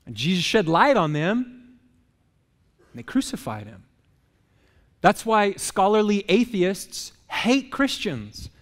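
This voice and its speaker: A man with a high voice preaches in a church sanctuary, his words trailing off into a long hall reverb. He keeps it loose and conversational, joking with the congregation and firing rhetorical questions at them. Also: big pitch swings, takes it slowly, long pauses. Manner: casual, joking, asks the crowd rhetorical questions. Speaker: pastor. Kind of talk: conversational sermon.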